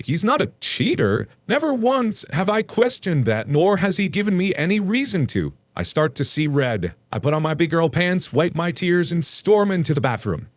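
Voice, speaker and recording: A man's voice: fairly high pitch, no room sound. A man reading Reddit stories aloud and breaking off into rambling, self-mocking asides. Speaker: Reddit story reader.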